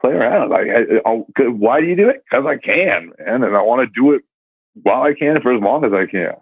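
A man's voice: mid-range voice, animated, a little fast, slightly rough, no echo, phone-quality sound. A man co-hosting a casual chat, talking loosely and throwing in lots of "like" and "dude". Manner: laid-back, peppered with "like" and "dude". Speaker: podcast co-host.

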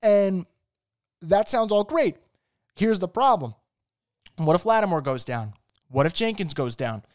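A man's voice: high voice, expressive, unhurried, long pauses. Emphatic man breaking down football. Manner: emphatic, rhetorical questions to listeners. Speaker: sports podcast host. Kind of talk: solo sports analysis talk.

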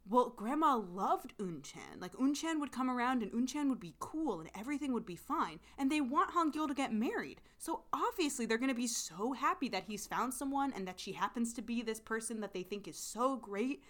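Podcast co-host, woman, rambly and animated, lots of laughing. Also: fairly high pitch, brisk, few pauses. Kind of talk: casual recap chat.

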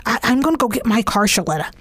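A man's voice: extremely high pitch, expressive, fast talker, a bit bright, slightly rough, dry recording, exaggerated voice. A woman acting out a nervous, jittery male friend in a comic story, pleading and fretful. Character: nervous jittery young man, anxious friend.

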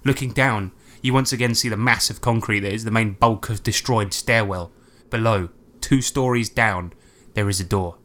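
A man's voice: on the low side, normal speed, fairly bright tone. A man narrating a tabletop role-playing game as game master, wry and playful.

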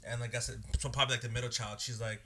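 A young man telling stories in a casual chat, animated and slangy, acting out what people said. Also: medium pitch, rapid-fire. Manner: animated, laughing, slangy, acts out quotes. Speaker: podcast co-host and food vendor.

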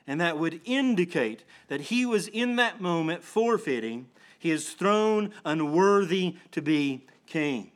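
A man's voice: fairly high pitch, expressive, a little slow. A man pastor preaching an earnest sermon, often restarting phrases and building to emphatic swells.

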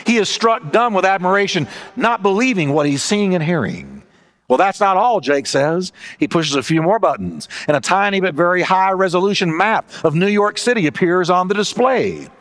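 A man preaches to his congregation with an emphatic, storytelling delivery. His voice sits high for a man and swings widely up and down as he plays out the characters in a joke. He leans hard on key words to drive his point home. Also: animated, normal speed, few pauses, fairly bright tone. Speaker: pastor. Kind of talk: sermon.

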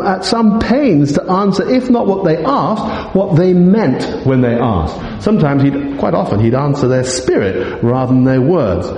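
Emphatic preacher in an echoey hall. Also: male voice, high voice, warm tone, dull audio. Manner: emphatic, teacherly, poses rhetorical questions. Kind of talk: expository sermon. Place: church meeting hall. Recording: echoey hall, long reverb.

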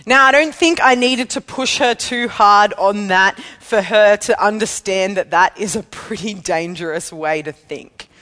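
A woman's voice: medium pitch, fairly bright tone, in a large hall. A woman preacher giving an evening sermon, chatty and candid, telling a personal story and laughing at herself.

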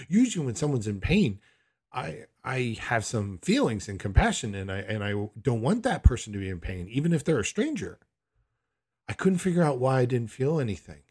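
A man's voice: medium pitch, very animated, normal speed, a little mellow, husky. A man telling a personal story in a candid, rambling way, often questioning himself. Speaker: son recounting a hospital visit.

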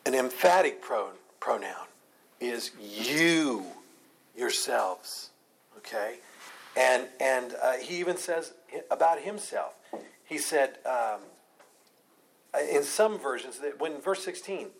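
A man's voice: medium pitch, expressive, measured pace, gravelly, slightly rough. A man leading a Bible study, teaching with emphatic, repeated phrases.

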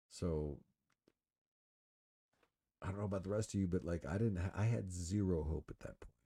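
A man hosting a solo podcast, talking casually and rambling with many fillers and swearing while he smokes. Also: low-pitched. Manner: relaxed, smoking while talking. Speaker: podcast host. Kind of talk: casual solo sports talk.

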